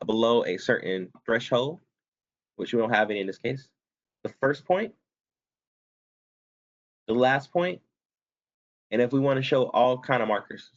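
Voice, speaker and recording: A man's voice: medium pitch, muffled recording. A man instructor talking students through a spreadsheet tutorial step by step, casual and self-correcting as he goes. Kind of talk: screen-recorded software tutorial.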